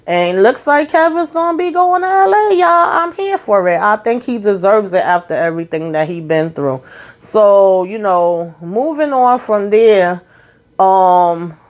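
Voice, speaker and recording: A woman hosting a casual TV episode recap, animated and chatty, talking straight to her viewers. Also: mid-range voice. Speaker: TV recap host.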